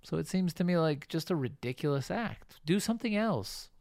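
A man co-hosting a podcast in casual chat, animated and quick to laugh, trailing off into fillers. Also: on the high side, creaky, no echo, clean studio sound. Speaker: podcast co-host.

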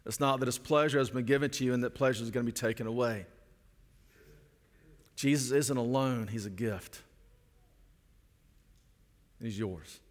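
Man, middle-aged, pastor, earnest sermon, repeats phrases, mid pitch, long reverb. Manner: earnest, repeats phrases for emphasis, slows on key lines.

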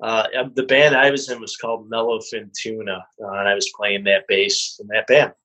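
A man in a band, chatting warmly with many fillers and laughs on a video call interview. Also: lowish voice, flat delivery, poor audio. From New York State. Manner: friendly, laughing, halting with fillers. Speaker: band member.

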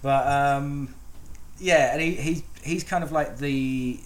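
A man's voice: mid-range voice, steady tone, slow. A man co-hosting a casual film podcast, rambling and swearing, with lots of ums and restarts. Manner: rambling, profane, many fillers. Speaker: podcast co-host.

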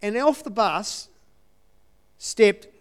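A man's voice: high-pitched, animated, extremely slow, smooth. A man giving a conversational sermon testimony in an earnest way, repeating his key phrases. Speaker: church speaker sharing testimony.

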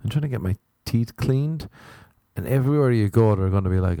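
A man hosts his podcast alone, drifting through profane, self-mocking rants in a casual monologue. His voice sits on the low side and sounds mellow. The sound is dry and close to the mic. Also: fairly quick, dry recording. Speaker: podcast host. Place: Los Angeles.

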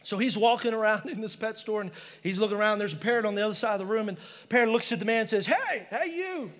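A man's voice: high-pitched, fairly even intonation, rapid-fire, fairly bright tone, big-room sound. A male pastor preaching a passionate sermon in a church, mixing personal stories with scripture.

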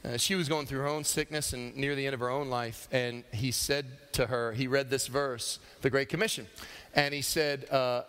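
A man's voice: medium pitch, moderate pace, smooth, big-room sound. A man preaching a sermon, acting out characters' voices as he tells stories. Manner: animated storytelling, acting out voices. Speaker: pastor.

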